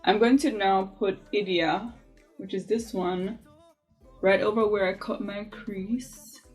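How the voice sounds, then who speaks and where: A woman's voice: medium pitch, takes it slowly, soft background music. A woman chatting in a casual, opinionated way while doing her makeup for a beauty vlog. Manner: chatty, opinionated, lively asides. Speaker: beauty vlogger. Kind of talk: casual makeup tutorial chat.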